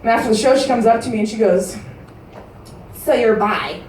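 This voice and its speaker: A woman in her thirties doing a crude stand-up comedy set, delivering brash, deadpan punchlines to a live audience in a large casino showroom. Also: a little high, racing, far from the mic, slight background noise. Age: 30s. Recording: roomy live-venue recording from afar.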